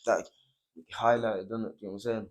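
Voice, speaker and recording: A man's voice: on the low side, flat delivery, a little fast. Laid-back young man, guest. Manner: laid-back, keeps saying "you know what I'm saying". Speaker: podcast guest. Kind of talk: casual football chat.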